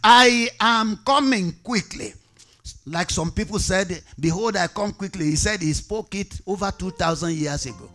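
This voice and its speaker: A man's voice: high-pitched, normal speed, few pauses, faint music behind. A male pastor preaching a fervent church sermon, repeating short commands and calling out hallelujahs. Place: church service with music behind.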